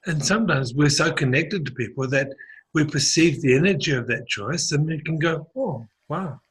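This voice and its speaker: A man's voice: fairly high pitch, moderate pace, breathy edge, rough recording. A man with a New Zealand accent chatting casually, telling a story in a rambling way with many restarts and fillers. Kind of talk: casual conversational chat.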